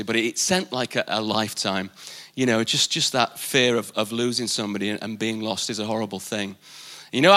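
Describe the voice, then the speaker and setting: Bright-voiced preacher man, emphatic. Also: medium pitch. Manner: emphatic, repeats key phrases. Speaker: pastor. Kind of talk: live sermon. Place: church service.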